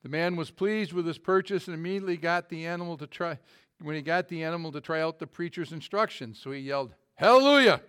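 A middle-aged pastor preaching a sermon in a folksy, self-deprecating way, with halting restarts and a joke story told to the congregation. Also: male voice, on the high side, fairly even intonation, fairly bright tone, smooth.

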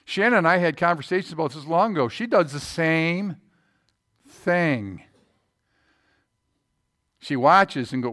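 A man preaching a conversational sermon, folksy, often asking the room rhetorical questions and swinging between loud emphasis and quiet low asides. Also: animated, unhurried, pauses often. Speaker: pastor.

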